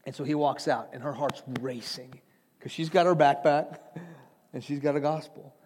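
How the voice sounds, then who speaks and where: A man's voice: on the high side, fairly even intonation, moderate pace, darkish tone. A man from Iran preaching a sermon, earnest and urgent, speaking straight to his listeners as he tells stories. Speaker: preacher and trainer of pastors. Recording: long hall reverb.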